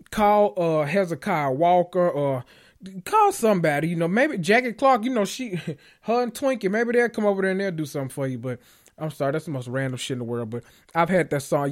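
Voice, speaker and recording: A man hosting a reality TV recap, rambling in sassy, profane commentary and laughing at his own jokes. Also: fairly high pitch. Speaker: host of a reality TV recap show.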